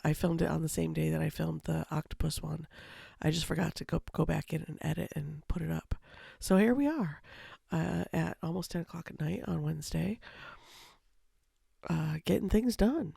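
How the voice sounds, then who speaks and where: Woman talking quietly over her painting vid, real gravelly and husky, lots of ums. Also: no echo, clean studio sound. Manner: speaking low and soft, rambling with many ums. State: slightly scratchy voice from filming. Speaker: watercolor painting instructor. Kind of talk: casual voice-over for a painting tutorial. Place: home, with a baby asleep in another room.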